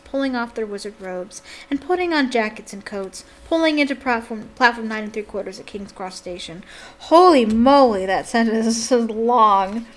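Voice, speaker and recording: A young woman with a slightly high voice reads a novel aloud as a fan, breaking off for gushing, exclamatory asides. A little hiss or hum sits under the recording.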